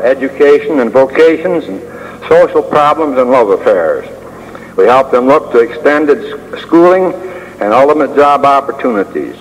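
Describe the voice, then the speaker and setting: An older man giving a prepared speech as a school administrator, measured and dryly humorous, pausing often with uh. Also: mid-range voice. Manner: measured, with dry humor and frequent uh pauses. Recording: long hall reverb with faint hiss.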